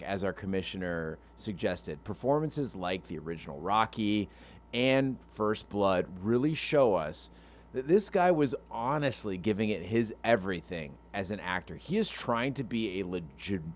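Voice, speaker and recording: Low-voiced man, lively recap. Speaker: podcast co-host. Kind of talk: reading a plot summary, then commentary.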